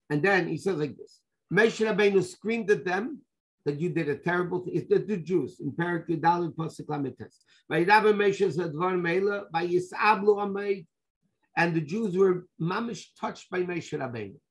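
A man giving a lively Torah class as a rabbi, telling the story with rhetorical questions and Hebrew and Yiddish terms mixed in. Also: sits high.

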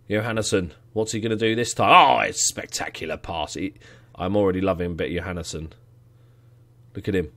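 Excitable man commentating a game. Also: on the low side. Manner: excitable, swears, shouts at goals. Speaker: let's play gamer.

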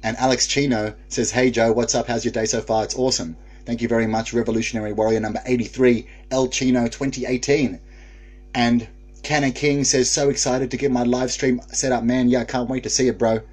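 A man's voice: medium pitch, fairly even intonation, fairly quick, darkish tone, husky. A man hosting a casual live stream, reading viewer comments aloud and laughing often.

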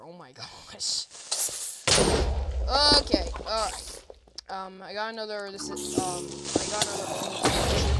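Woman, excitable gameplay commentary, lively swooping pitch, loud background noise. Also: takes it slowly. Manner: excitable, frequent panicked cries and laughter. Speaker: gaming video creator.

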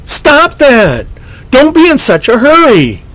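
A sly, mysterious boy with a silky, mocking voice, pitched well above the narrator's, as a man puts him on. His words glide out smoothly, with a teasing edge. It is one of the figures in a storybook reading. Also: huge pitch swings, takes it slowly, fairly bright tone, full character voice. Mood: sharp, shrill. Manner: silky, mocking, sometimes shrill.

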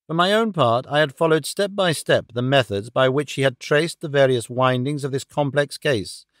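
A man narrates an audiobook from a script, telling the story in a steady, even manner. His mid-range voice moves at normal speed, and the sound is clean and studio-like with no room sound.

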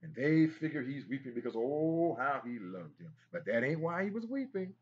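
A man's voice: medium pitch, sing-song, moderate pace, slightly rough, lo-fi sound. A man teaching a Bible study in an emphatic preaching style, repeating phrases and exclaiming as he goes.

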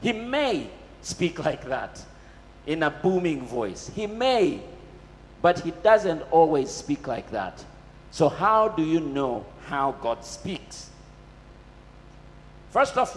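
Male preacher, emphatic and questioning, lively delivery, echoing hall. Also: a little high, slight background noise. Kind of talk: sermon.

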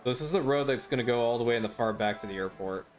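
Quick-paced and medium in pitch, this gaming host rambles casually through his gameplay commentary, full of fillers and laughs. Faint music plays in the background.

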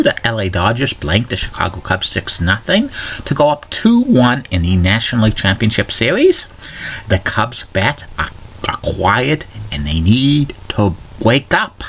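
Deep-voiced man reading a vlog news rundown. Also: very animated, normal speed, fairly bright tone, a little hiss or hum. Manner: reads news items and trivia in a plain, chatty delivery with small restarts. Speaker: video blogger. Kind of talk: casual morning video blog with news rundown.

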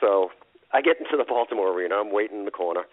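A man telling stories as an interview guest, lively and laughing often, acting out the people he quotes. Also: on the low side, very fast. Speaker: guest, wrestling impersonator. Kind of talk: animated storytelling interview. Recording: tinny phone-quality line.

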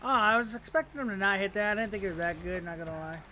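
A man's voice: high-pitched, very fast, a little hiss or hum. A young man swearing and ranting while commenting on his own gameplay at his computer, mocking himself and his opponents. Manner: excitable, profane, self-mocking outbursts. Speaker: gamer. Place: at a home computer.

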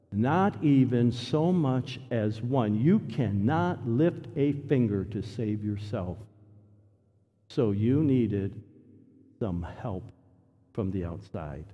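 A man's voice: mid-range voice, highs cut off. Emphatic male preacher in a reverberant church. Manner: emphatic, repeats key phrases, swings between loud and hushed. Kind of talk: sermon. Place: church sanctuary.

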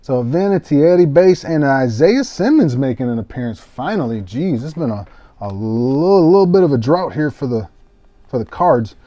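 Young male card-break streamer, mellow tone, dry close sound, hyped and self-deprecating with casual cursing. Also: mid-range voice, normal speed, dry recording, muffled recording. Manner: excitable, self-mocking, swears casually. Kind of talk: casual live-stream commentary.

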